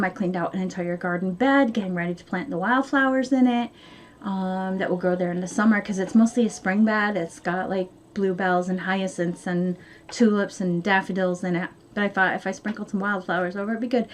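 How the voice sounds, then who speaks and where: A woman talks to her camera at home, rambling and chatty, stopping often on fillers. Her pitch sits in a middle range. A faint noise runs under the recording. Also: fairly quick. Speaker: vlogger. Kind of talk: casual chat to camera.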